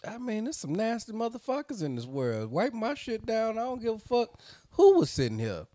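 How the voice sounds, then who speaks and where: A man's voice: high voice, wildly swooping pitch, normal speed, warm tone, no room sound. A man chatting casually on a podcast, tossing in dry one-liners and folksy sayings. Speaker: podcast co-host. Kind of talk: casual chat.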